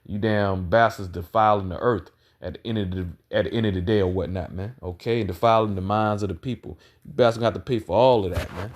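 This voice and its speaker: A man with a low-pitched voice preaches an angry, combative sermon. He reads verses slowly and loudly, then breaks into fast, profane street talk. He tags nearly every line with "man" or "all right". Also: fairly even intonation. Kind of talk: profane ranting sermon reading scripture.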